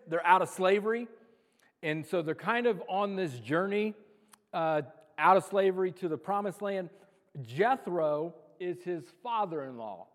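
Joking pastor in a reverberant hall. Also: male voice, sits high. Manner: chatty, joking, self-deprecating. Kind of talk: casual sermon. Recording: long reverb of a large hall.

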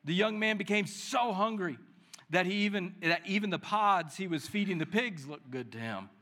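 Lively high-voiced man preaching a sermon. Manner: reads scripture with lively dramatic emphasis; prays softly and slowly. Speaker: pastor. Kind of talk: sermon with Bible reading and prayer.

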